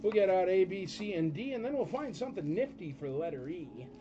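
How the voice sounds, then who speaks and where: A chatty man hosts a live auction stream, rambling off into jokes and talking straight to his viewers. His voice sits a touch high for a man. The audio is dull and lo-fi, with loud music playing underneath. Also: lively intonation, brisk.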